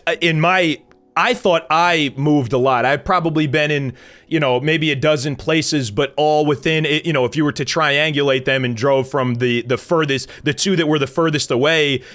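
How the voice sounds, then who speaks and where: A man's voice: fairly high pitch, a bit bright. Rambling, wordplay-loving male host. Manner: halting, rambling questions with playful wordplay. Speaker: podcast host. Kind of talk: casual interview chat.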